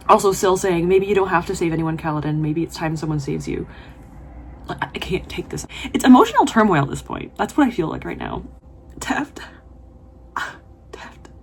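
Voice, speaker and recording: A woman's voice: lowish voice, a little hiss or hum. Emotional woman vlogger reading aloud. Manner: emotional, gushing reactions with laughs and whispered asides. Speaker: book vlogger. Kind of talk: casual reading vlog, reading passages aloud.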